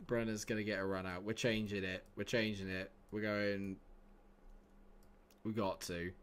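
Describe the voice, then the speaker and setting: A man's voice: lowish voice, flat delivery, normal speed, fairly bright tone, clear, resonant tone. A man commenting casually on his live game stream, chatty and swearing freely as he talks to his chat.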